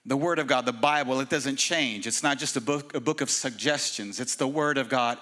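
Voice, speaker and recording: Bright-voiced energetic male preacher. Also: mid-range voice, moderate pace. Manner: energetic, casual preaching with slang and humor. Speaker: pastor. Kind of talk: sermon. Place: church service.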